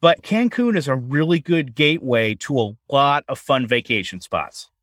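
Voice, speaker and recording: A man's voice: mid-range voice, expressive, moderate pace, a bit bright, no room sound, studio quality. A man co-hosting a casual chat, talking in a chatty way with restarts and repeated words. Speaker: co-host.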